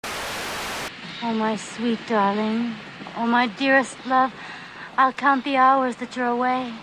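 A woman's voice: on the high side, level tone, takes it slowly. A woman voicing a vain young mare who gushes over her love yet refuses a kiss. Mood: gushing. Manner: affected and gushing. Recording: hissy home recording.

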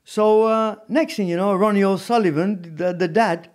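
A man telling prison stories as a podcast guest, animated and often adding "you know what I mean". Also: high-pitched, normal speed. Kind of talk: storytelling in a casual interview.

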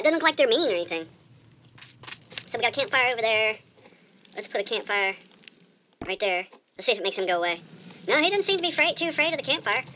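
A woman's voice: a little high, bright, forceful tone, slight background noise. A woman giving casual let's-play commentary as she plays, chatty and rambling, often repeating her words. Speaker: gamer.

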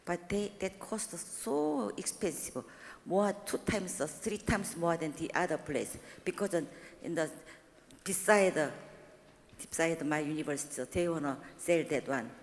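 A middle-aged woman with a Korean accent, a university president giving a church testimony in halting, simple English with frequent restarts and an animated, expressive delivery. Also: on the low side. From South Korea. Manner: animated and expressive, rising when emphatic.

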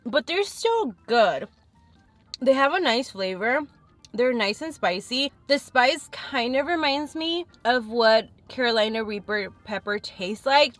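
A woman's voice: a little high, fairly bright tone. A young woman chatting frankly and thinking aloud as she tastes food in a casual eating vlog. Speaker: food vlogger.

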